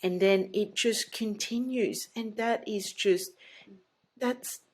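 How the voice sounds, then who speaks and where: A woman's voice: mid-range voice, slow, a little mellow. A woman, hosting a casual chat as a doula and speaking earnestly and emphatically. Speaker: doula and podcast host.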